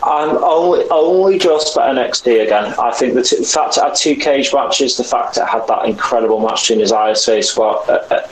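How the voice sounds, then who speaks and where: A British man co-hosting a wrestling podcast in casual chat, enthusiastic and quick to laugh. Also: medium pitch, roomy sound, slight background noise, low-quality recording. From United Kingdom. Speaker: podcast co-host.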